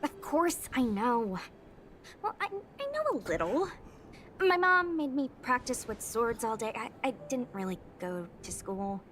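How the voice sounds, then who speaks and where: A woman's voice: fairly high pitch, big pitch swings, measured pace, fairly bright tone, a little hiss or hum. An actress playing a frank, slightly naive young woman soldier who speaks bluntly and gets a little flustered, in a game cutscene. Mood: curious. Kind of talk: video game cutscene dialogue.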